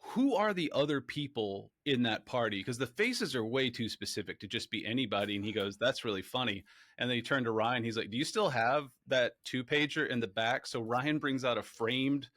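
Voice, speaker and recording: A man being interviewed about his documentary, telling animated stories and acting out what people said. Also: medium pitch, moderate pace, no echo, clean studio sound. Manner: animated, excitable storyteller acting out quotes. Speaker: documentary filmmaker guest. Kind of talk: casual interview storytelling.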